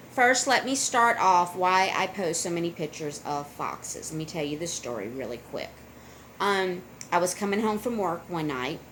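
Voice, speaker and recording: A middle-aged woman speaks into her camera with a chatty, earnest storytelling manner, her voice sitting in a middle register. She retells events in an animated, conversational way. A faint hiss sits behind the voice. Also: mid-range voice. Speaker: vlogger. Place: dim room at home.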